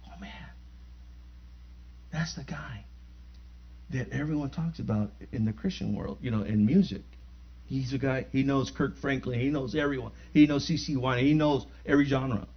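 An older man preaching and telling a family story, with halting restarts that build into loud, excited bursts. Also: fairly high pitch, dull audio. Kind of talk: storytelling sermon.

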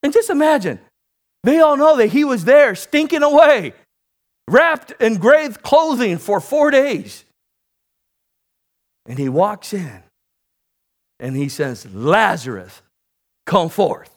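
A man delivers a sermon in a high voice that swings widely up and down. He takes his time, drawing the congregation in with calls for amen, then builds to shouted, excited peaks. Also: slow pace, pauses often. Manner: call-and-response preaching, rising to shouts. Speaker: preacher.

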